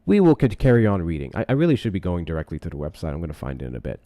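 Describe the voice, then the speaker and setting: A young man with a slightly low voice hosts a live stream in a casual, profane, sarcastic way. He reads text aloud and breaks off to react and talk to his chat. Now and then he turns away from his desk mic, and his voice drops and grows distant. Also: huge pitch swings, racing, mellow.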